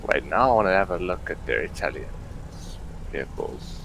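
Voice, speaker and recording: A man streaming a flight sim, talking into a headset with dry, wry asides. His voice sits a little low, with a faint hum behind it. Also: animated, normal speed, gravelly, fairly bright tone, poor audio. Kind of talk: casual gaming chat.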